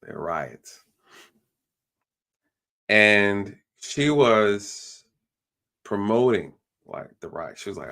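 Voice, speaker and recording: Gravelly low-voiced man ranting. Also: big pitch swings, slow pace, long pauses, fairly bright tone. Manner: blunt, ranting, mimics people in quotes. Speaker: host of a live stream. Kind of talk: casual opinion talk.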